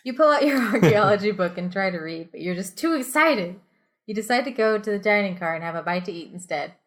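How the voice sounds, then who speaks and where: A woman co-host reads an adventure story aloud in a loose, chatty way. Her voice sits at an ordinary middle pitch, and her playful delivery keeps tipping into giggles. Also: animated, a little fast. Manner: giggly, playful, breaks into laughter mid-sentence. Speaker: podcast co-host reading a choose-your-own-adventure story. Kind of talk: casual read-aloud narration.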